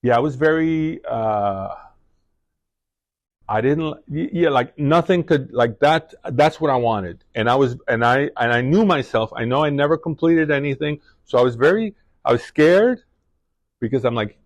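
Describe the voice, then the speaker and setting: A middle-aged man speaking to a class, telling a personal story in a halting way full of restarts and fillers. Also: mid-range voice, animated, no echo. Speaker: guest speaker.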